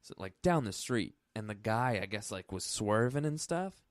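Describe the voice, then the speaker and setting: A man's voice: fairly low pitch, animated, moderate pace, no echo, clean studio sound. A young man co-hosting a podcast, telling a rambling story in casual chat and swearing freely. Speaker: podcast co-host.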